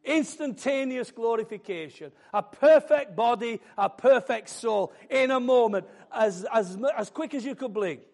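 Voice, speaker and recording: High-voiced fervent male preacher. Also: expressive, a little slow, few pauses. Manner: fervent, rising to loud declarations. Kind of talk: sermon.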